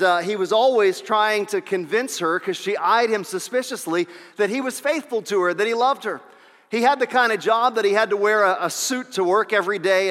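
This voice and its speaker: A man with a high voice preaching a sermon from a church pulpit, telling stories and repeating his key lines for emphasis. His words trail off into a long reverberation around the sanctuary. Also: a bit bright. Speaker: pastor.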